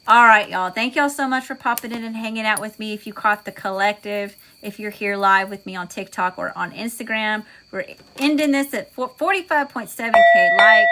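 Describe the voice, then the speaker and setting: A woman with a Southern US accent, a tarot reader hosting a livestream, moving between chatty, folksy talk with viewers and a calm guided meditation. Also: medium pitch. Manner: folksy, chatty, says y'all often.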